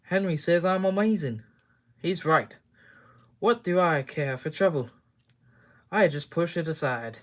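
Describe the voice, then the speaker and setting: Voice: mid-range voice, expressive, measured pace, pauses often, pitched above the performer's own voice, lightly acted. A reader putting on a conceited little tank engine. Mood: boastful. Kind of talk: reading a storybook aloud.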